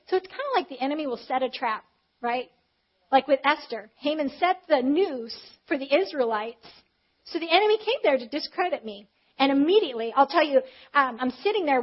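Woman preacher, high bright voice, chatty storytelling sermon, slightly muffled audio. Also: a little fast. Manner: candid, animated retelling with acted quotes.

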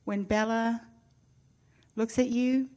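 A woman's voice: on the high side, fairly even intonation, takes it slowly, a little mellow. An older woman sharing a personal faith testimony with a church audience, heartfelt and earnest with light touches of humor.

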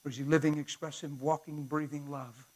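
Impassioned high-voiced male preacher. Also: flat delivery, brisk. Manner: impassioned, swings from hushed to shouting. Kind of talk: sermon.

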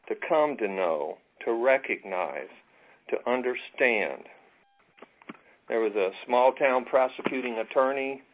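Man leading Bible study over tinny audio. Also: lowish voice. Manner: relaxed, self-deprecating, stretches out key words. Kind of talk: casual teaching with scripture reading.

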